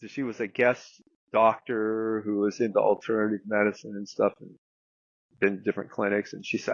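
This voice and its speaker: Man, gravelly, rambling casual anecdote, dull lo-fi recording. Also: on the low side, flat delivery, normal speed, no room sound. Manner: rambling anecdote with many fillers and some swearing. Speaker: guest therapist. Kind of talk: casual storytelling.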